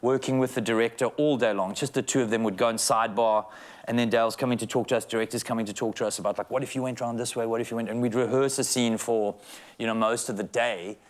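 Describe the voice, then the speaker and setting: South African actor guest, animated teller who acts out quotes, laughs a lot. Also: male voice, mid-range voice, fast talker. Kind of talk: casual press interview.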